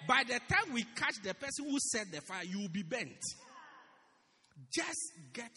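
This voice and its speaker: High-voiced animated male preacher, echoey church. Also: unhurried. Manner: animated, repeats phrases for emphasis. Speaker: pastor. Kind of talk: sermon. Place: church hall.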